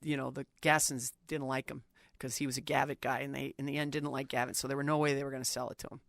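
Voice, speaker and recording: A middle-aged woman sportswriter, an animated storyteller, talking casually as an interview guest. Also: extremely low pitch, no room sound, clean studio sound. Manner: animated storyteller, quick and talkative.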